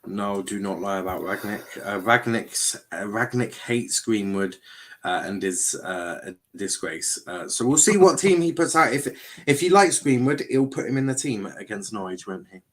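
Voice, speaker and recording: A man's voice: on the low side, lively intonation, moderate pace, fairly bright tone. A man hosting a casual panel chat, reading out chat comments and teasing his co-host. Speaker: show host.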